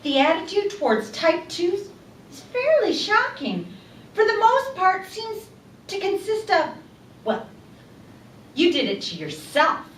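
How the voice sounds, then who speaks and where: A woman's voice: very high voice, big pitch swings, takes it slowly, pauses often, a bit bright, slight background noise, pitched above the performer's own voice, full character voice. A woman voicing an angry Irish woman in her forties who feels judged, speaking in an Irish accent with a heated, indignant manner. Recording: echoey room from a distance.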